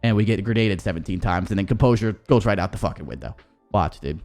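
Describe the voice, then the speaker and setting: A man's voice: fairly low pitch, fast, darkish tone, faint music behind. A man, an esports coach, casually reviewing gameplay footage in a rambling, profane way with many restarts.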